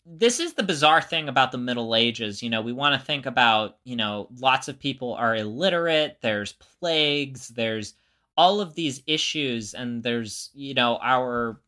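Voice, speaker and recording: A man's voice: mid-range voice, animated, unhurried, pushed and bright. A man co-hosting a podcast who explains history in a casual way and thinks aloud. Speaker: podcast co-host.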